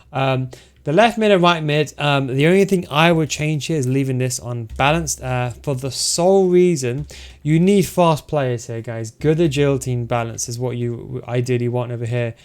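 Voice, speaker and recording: In this casual tutorial, a video game tactics coach, his voice fading, breaks down game strategy step by step while talking right to the audience. He speaks a little fast in a mid-range voice.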